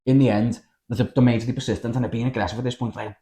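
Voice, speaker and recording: A young man with a Scouse accent, telling a story in casual podcast chat, animated and full of slang and swearing. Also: medium pitch, racing, hardly any pauses. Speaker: podcast host.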